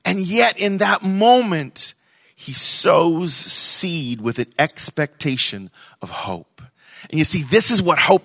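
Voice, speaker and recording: A man preaching a sermon to a church congregation, conversational and animated, swinging between loud emphasis and hushed moments. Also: a little high, no room sound. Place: church service.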